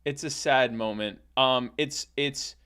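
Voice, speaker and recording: A man hosting a comedy podcast, telling an improvised tall tale in a rambling, deadpan way with many restarts. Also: mid-range voice, takes it slowly, clean tone. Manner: rambling, deadpan, self-correcting. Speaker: podcast host.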